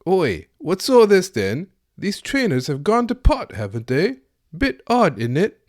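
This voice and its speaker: A brash, loud British bloke in a cartoonish cockney voice, as a podcast host puts him on, pitched far higher than a natural speaking voice. The mock accent wobbles toward Australian, and the delivery stays exaggerated and blustery. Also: male voice, huge pitch swings, a little slow, no room sound, studio quality, full character voice. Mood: indignant. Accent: mock British, drifting toward Australian. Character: caricatured brash British man complaining about fake sneakers.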